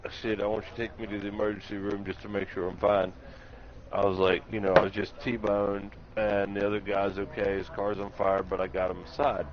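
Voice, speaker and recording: Man, low voice, self-mocking storyteller who laughs at his own pain, muffled lo-fi stream audio, faint music underneath. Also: little pitch movement, brisk. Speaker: live stream chat participant. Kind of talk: casual storytelling chat.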